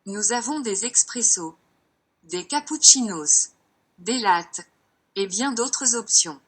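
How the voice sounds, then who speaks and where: A woman's voice: mid-range voice, lively intonation, takes it slowly, fairly bright tone, slightly rough. A synthetic woman's voice with a French accent, reading replies evenly and politely. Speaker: AI chat voice.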